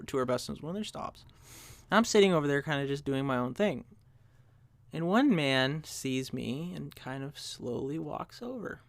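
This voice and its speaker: Young male podcast host, gravelly mid-range voice, dry close sound, reflective storyteller who restarts sentences. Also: medium pitch, dry recording. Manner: reflective, searching for words with restarts. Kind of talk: personal storytelling.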